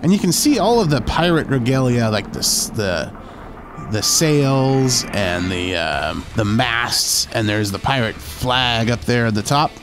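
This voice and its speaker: A man's voice: mid-range voice, animated, unhurried. A man hosting a gaming channel, giving upbeat, chatty let's-play commentary and now and then slipping into playful pirate talk. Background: game music.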